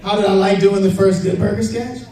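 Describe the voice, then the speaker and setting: A man from Chicago, a panel guest actor, telling stories at a comic con Q&A, animated and laughing, with loud shout-outs. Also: high voice, brisk. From Chicago, United States. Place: large convention hall. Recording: echoey hall, taped from far off.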